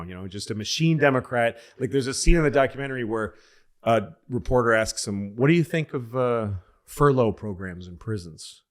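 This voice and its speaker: A man hosting a podcast, casually telling a long story and acting out the people he quotes in excited, higher voices. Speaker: podcast host.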